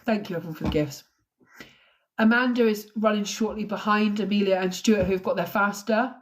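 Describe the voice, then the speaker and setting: An English woman hosting a live true crime stream, telling the story emotionally and close to tears, pausing to thank viewers. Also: mid-range voice, a little hiss or hum.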